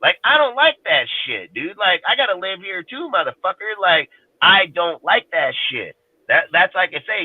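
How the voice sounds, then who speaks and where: A roundtable panelist rants bluntly in casual chat, heated and swearing heavily. His medium-pitched voice comes through tinny, dry call audio.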